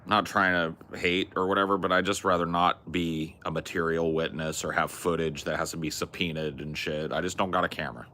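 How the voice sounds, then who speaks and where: A man's voice: low voice, level tone, fairly quick, hardly any pauses, pushed and bright, a little hiss or hum. A young man from California, casually bantering as a podcast host in a laid-back, crude, joking way.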